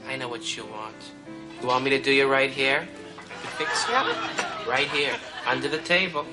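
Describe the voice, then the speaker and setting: A man's voice: medium pitch, moderate pace, music in the background, crowd noise, natural voice, rough recording. An actor playing a blunt, crude woman who brushes off her date in a TV sketch. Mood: dismissive. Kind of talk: TV sketch comedy acting.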